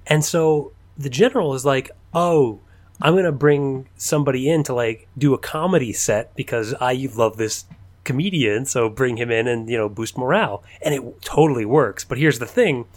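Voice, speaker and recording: A man's voice: medium pitch, moderate pace. A man co-hosting a podcast in casual chat, telling a story with lots of energy and frequent laughs. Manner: animated storyteller, laughs often. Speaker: podcast co-host.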